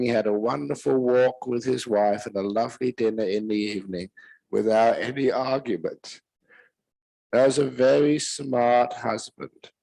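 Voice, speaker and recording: The speaker is an older British monk whose mid-range voice carries vocal fry as he gives a relaxed, story-filled Dharma talk, chuckling at his own jokes. The recording is dry and poor in quality.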